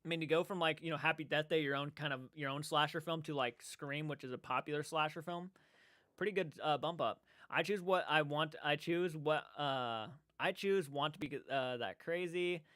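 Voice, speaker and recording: Rambling, excitable male streamer. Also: a little high, moderate pace, no room sound, studio quality. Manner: rambling and excitable, many restarts. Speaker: livestream host. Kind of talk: casual livestream chat. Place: indoor room.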